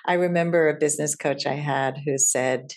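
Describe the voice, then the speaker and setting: A woman's voice: deep voice, fairly even intonation, normal speed, darkish tone. A woman hosting a casual interview, who speaks in a reflective, affirming way and builds on her guest's points. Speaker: interview host.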